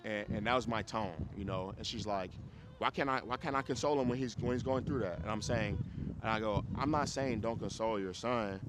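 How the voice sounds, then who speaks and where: Teaching a group dog training class, this Chicago-accented man keeps things blunt and casual, cursing now and then and making sure people are keeping up. He has a lowish voice and a fairly quick pace, with noise in the background.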